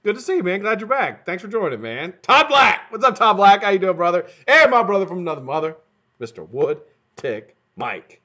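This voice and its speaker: Man, livestream host, casual chat, slightly hoarse, bright sharp tone, swears a lot, dull lo-fi stream audio. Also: high-pitched, big pitch swings, brisk. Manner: swears freely, calls viewers man and brother. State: voice sounding rough or hoarse. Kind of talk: casual live chat greeting viewers.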